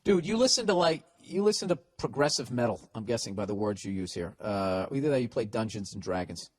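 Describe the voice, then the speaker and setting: A man hosting a podcast, reading listener letters aloud and answering them in a loud, profane, sarcastic comedic rant. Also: on the low side, lively intonation, brisk. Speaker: podcast host giving advice.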